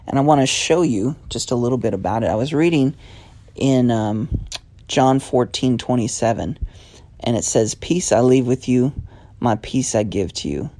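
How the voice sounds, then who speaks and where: Earnest guy talking through a bible verse on his podcast, warm low-key voice, no room echo. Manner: earnest, conversational, with quick runs of questions. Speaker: podcast host. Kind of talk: casual devotional talk.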